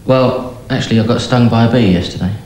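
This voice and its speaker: Man as deadpan patient, one-liners, mid pitch, echoey room. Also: quick pace, close to an everyday voice. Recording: echoey room with faint noise.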